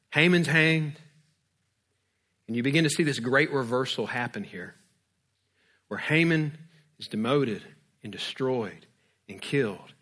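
A male pastor preaching a sermon, retelling a story lively and acting out its scenes. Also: medium pitch.

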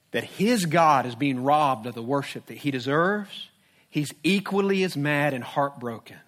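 A man's voice: medium pitch, a bit bright. A man preaching a sermon as a pastor, conversational and humorous, with rhetorical questions.

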